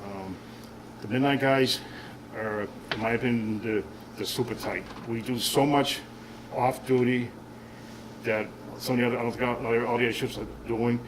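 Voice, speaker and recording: A man's voice: medium pitch, fairly even intonation, moderate pace, distant mic, background noise. A retiring police officer in his fifties gives a rambling, heartfelt retirement speech to a room full of colleagues and family, often restarting his sentences. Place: room at a gathering.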